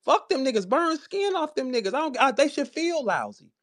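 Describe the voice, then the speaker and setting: Brash high-voiced man trash-talking. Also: very animated, fairly quick, a bit bright. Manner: brash, swaggering, profane trash talk. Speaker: battle rapper hosting a live audio chat. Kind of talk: boastful live audio-room argument. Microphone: phone or computer mic on a live audio room.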